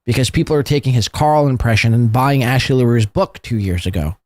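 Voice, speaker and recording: A man hosting a podcast, commenting on played clips in a mocking, sarcastic way that swings up into a high pitch when he ridicules someone. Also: lively intonation, a little fast, darkish tone, no echo, clean studio sound. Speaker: podcast host.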